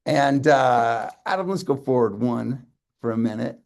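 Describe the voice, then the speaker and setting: A man's voice: medium pitch, lively intonation, unhurried, vocal fry, darkish tone. Folksy man presenting on a call. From Canada. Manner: sentimental, folksy, loose and rambling. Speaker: company presenter. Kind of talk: live presentation on a video call. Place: home office.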